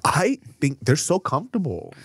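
Loud joking man, podcast co-host. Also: fairly high pitch, huge pitch swings, moderate pace, husky, no room sound, studio quality. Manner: loud, joking, profane banter. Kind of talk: casual podcast chat.

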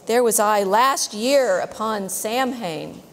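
A woman's voice: mid-range voice, slow, slight background noise. A woman voicing a teasing, wise male albatross in a storybook, speaking in singsong verse. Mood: solemn. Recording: long church reverb.

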